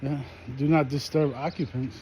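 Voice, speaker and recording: A man's voice: medium pitch, steady tone, moderate pace, warm tone. A man in his thirties with a New York accent, rambling casually in slang while walking down a residential street and filming on a phone. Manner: laid-back slangy rambling, laughs often. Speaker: vlogger host. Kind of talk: casual walk-and-talk chat.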